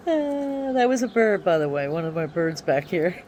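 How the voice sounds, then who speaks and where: A woman vlogging casually from her backyard on her phone, talking in an excitable, drawling way with sudden swings of emphasis. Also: on the low side, normal speed, few pauses, a little hiss or hum. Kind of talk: rambling casual monologue. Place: backyard by a wooded area, outdoors.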